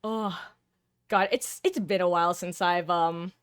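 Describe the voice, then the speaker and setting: A woman gaming streamer in casual live-stream chat, rambling and animated, laughing often. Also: lowish voice, unhurried, clean tone, dry recording.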